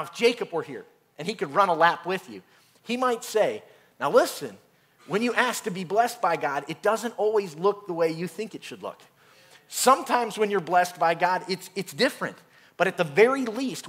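Bright high-voiced male pastor preaching. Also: slightly rough. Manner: storytelling, animated and laughing through anecdotes. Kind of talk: sermon.

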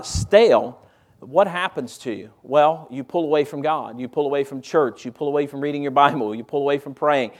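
A pastor preaching a sermon in a church, conversational and full of rhetorical questions put to the congregation. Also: male voice, mid-range voice. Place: church auditorium.

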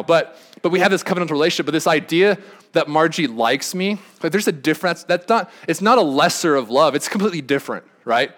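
A man's voice: a little high, fast, a bit bright. A young man preaching a sermon as a pastor, talking conversationally with frequent restarts and asides. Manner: conversational, rambling with many restarts.

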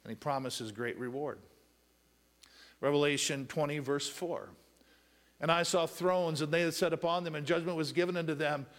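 A man preaching a sermon who reads scripture slowly, calls on the congregation to fill in words, and swings between loud raised passages and quiet asides. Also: on the high side. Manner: asks the congregation to finish verses with "what?"; reads scripture in slow drawn-out phrases. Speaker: pastor.

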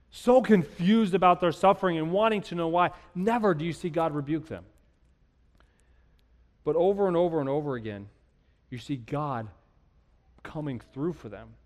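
A male pastor delivers a sermon in an earnest, conversational way, climbing into emphatic rises. His voice sits high for a man. The sound carries the long reverb of a church hall.

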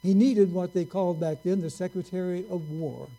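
A man preaching a sermon, telling a story slowly and earnestly and drawing out his key words. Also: sits high, steady tone, mellow, low-quality recording.

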